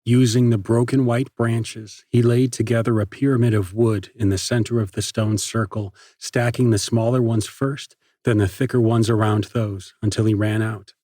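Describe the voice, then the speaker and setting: An audiobook narrator with a husky, somewhat low voice reads scripted narration in a steady, measured way. The recording is dry and studio quality.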